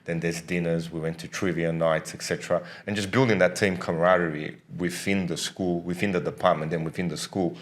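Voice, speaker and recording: Low-voiced male co-host, teacher, casual chat. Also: steady tone, brisk, hardly any pauses.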